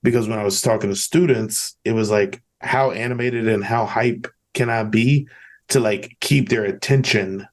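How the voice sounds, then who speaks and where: A man with a fairly low voice hosts a casual podcast chat. He talks candidly and rambles, often stopping to restart his sentences. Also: moderate pace. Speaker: podcast host. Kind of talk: casual conversational interview.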